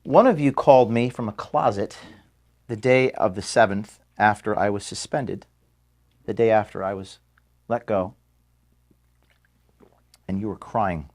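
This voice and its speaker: A man, the founder of an organization, giving an earnest farewell speech to his staff in an office. He is emotional and halting, with restarts and pauses, and is being filmed. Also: on the low side, darkish tone. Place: office room at headquarters. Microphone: filmed by camera.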